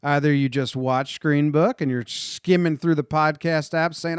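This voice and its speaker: A man's voice: mid-range voice, fairly even intonation, measured pace, clean tone, no room sound, clean studio sound. A man hosting a casual movie podcast, upbeat and leading the talk. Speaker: podcast host.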